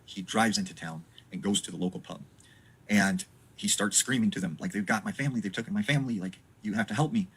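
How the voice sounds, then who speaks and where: A man with a very low voice tells an eerie story in an easy, offhand way, dropping in plenty of "you know" and "like" as he goes. His voice is strongly husky and rough. He acts out the characters' lines in passing without changing his voice much. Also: fairly bright tone, poor audio. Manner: casual storytelling with frequent fillers. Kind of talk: retelling a spooky story.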